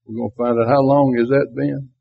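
Man, Bible class teacher, husky, unhurried, tinny phone-like recording. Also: mid-range voice, level tone. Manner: conversational, asks the class rhetorical questions.

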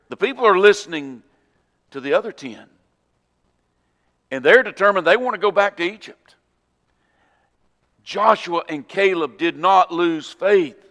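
A man preaching a sermon, animated storytelling that acts out scenes and quotes scripture. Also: high voice. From Florida. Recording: long hall reverb.

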